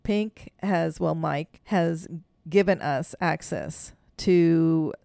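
A woman's voice: low voice, extremely slow, creaky, no echo, clean studio sound. A woman co-hosting a podcast, telling a story in casual chat, laughing often and acting out what people said. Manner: animated storyteller, laughs often, acts out quotes. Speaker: podcast co-host.

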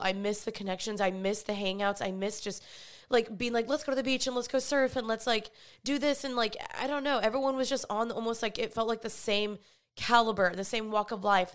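A woman's voice: a little high, steady tone, a little fast. A young woman from Texas, talking to her viewers in a casual, earnest vlog chat, with lots of "like" fillers. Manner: chatty, earnest, full of "like" fillers. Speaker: vlogger.

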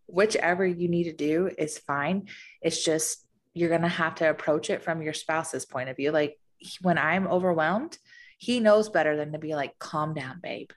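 A woman chatting candidly as a podcast co-host and military spouse, telling stories with quick asides. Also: low-pitched. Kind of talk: casual chat.

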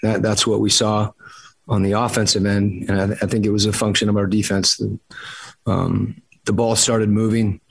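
A male basketball head coach answering press questions after a game, halting and full of fillers. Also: fairly low pitch, level tone, gravelly, husky, no room sound, poor audio. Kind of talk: postgame press conference answers.

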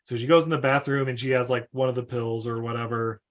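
A man's voice: medium pitch, little pitch movement, fast. A man hosting a film podcast, recapping the plot casually with swearing, laughs and acted-out voices. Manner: laughing, profane, acts out the characters. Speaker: podcast host.

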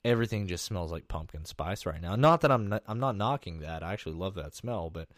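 A man's voice: low voice, a little fast, dry recording, studio quality. A man co-hosting a casual podcast, upbeat and eager, jumping into the talk. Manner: upbeat, animated, jumps in eagerly. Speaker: podcast co-host. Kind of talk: casual chat.

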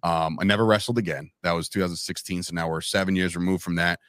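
A man in his thirties talks casually on a podcast, telling stories with animation and slipping into quoted voices. His voice sits low. The sound is close and dry. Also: steady tone, fast talker, a bit bright, no echo. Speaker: podcast guest, wrestling commentator.

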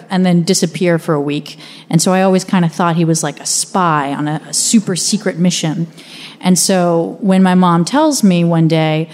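Lively young woman telling a story. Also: fairly low pitch, normal speed. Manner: conversational, vivid storytelling with playful asides. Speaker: speaker. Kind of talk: first-person storytelling talk.

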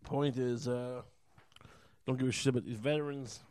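A man's voice: medium pitch, steady tone, moderate pace, a little mellow. A man ranting alone as a podcast host, rambling and swearing often, heating up as he goes. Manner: profane, rambling, heated. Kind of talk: rambling solo rant.

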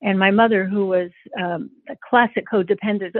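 An older woman from Northern California, an interview guest, earnestly telling a personal story with halting restarts. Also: mid-range voice, steady tone, no room sound. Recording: dry tinny phone-like sound.

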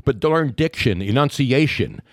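An older man from Philadelphia hosting a sports radio show, joking and bantering quickly with his guest. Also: mid-range voice, expressive, dry recording, clean studio sound. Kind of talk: casual radio talk.

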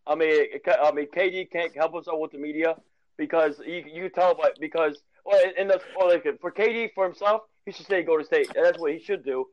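A man in casual sports chat on a podcast, speaking haltingly and stumbling and repeating words as he forms his thoughts. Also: a little high, dry recording, highs cut off.

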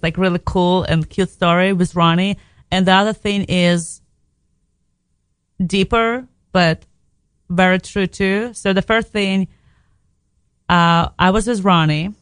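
A woman's voice: mid-range voice, smooth, dry recording. Frank woman telling a story. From Belarus. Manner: frank, emotional, swears casually, restarts sentences. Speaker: radio guest. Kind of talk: candid personal storytelling.

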